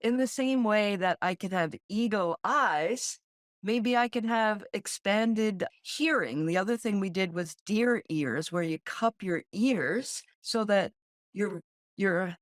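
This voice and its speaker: Slow, thoughtful woman podcast host. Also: medium pitch, no echo, studio quality. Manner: slow, thoughtful, searching for words. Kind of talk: reflective casual conversation.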